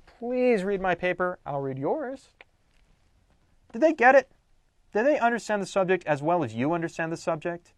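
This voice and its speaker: Lively man teaching a writing lesson. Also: on the high side, no echo. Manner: animated, emphatic teaching with playful exaggeration. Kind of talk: recorded lecture on writing.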